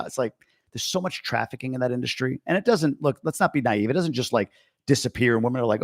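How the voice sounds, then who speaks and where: A man's voice: medium pitch, expressive, fast, no echo. Blunt American man, dry close sound. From Long Island, New York, USA. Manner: blunt and opinionated, reading out and answering chat comments. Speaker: host answering viewer questions. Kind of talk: casual live-stream Q&A.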